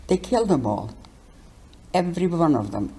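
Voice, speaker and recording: An older woman giving her life testimony in an interview, speaking haltingly and often restarting words. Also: low voice, very animated, warm tone. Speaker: Holocaust survivor interviewee.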